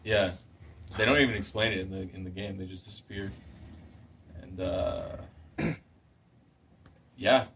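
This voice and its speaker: Deadpan male guest, very low voice, halting delivery. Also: slight background noise. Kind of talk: deadpan comedy gaming chat.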